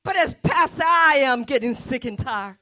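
A woman's voice: sits high, animated, normal speed, slight background noise. A woman pastor preaching an impassioned sermon in church, repeating her point with force. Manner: impassioned, repetitive preaching, often shouting.

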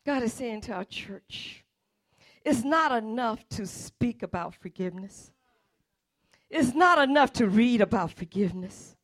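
Woman, pastor, church sermon, high voice, bright ringing tone, shouts her points. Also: lively intonation, measured pace. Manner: impassioned, repetitive preaching, often shouting.

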